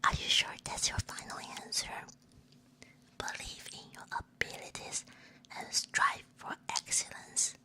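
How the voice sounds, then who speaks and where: A woman's voice: a little slow, pushed and bright. A young woman VTuber in a playful, giggly whispered role-play on a binaural mic, reading prompts aloud and slipping in Chinese and Japanese phrases. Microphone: binaural 3Dio microphone.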